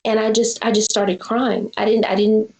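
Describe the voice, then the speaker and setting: A woman's voice: mid-range voice, little pitch movement, normal speed, creaky, a little mellow, echoey room, low-quality recording. A woman in her forties, a filmmaker being interviewed, telling a personal story in an earnest, reflective way. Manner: earnest, reflective, acts out quoted dialogue. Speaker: guest filmmaker.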